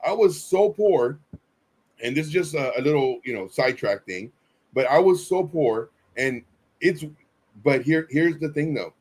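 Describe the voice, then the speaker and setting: Earnest rambling man, higher voice. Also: expressive, measured pace, darkish tone, breathy edge. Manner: rambling, earnest, storytelling with many fillers. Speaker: co-host. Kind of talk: casual live-stream chat.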